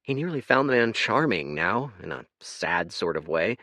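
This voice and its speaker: Animated male audiobook narrator. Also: lowish voice, moderate pace, no room sound, studio quality. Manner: expressive, shifts voice for characters. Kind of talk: scripted narration.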